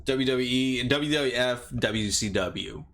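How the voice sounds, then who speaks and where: A man's voice: medium pitch, slow pace, a bit bright, slight background noise. A young man co-hosting a movie podcast, laid back and profane, laughing as he chats about scenes. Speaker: podcast co-host. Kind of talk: casual movie chat.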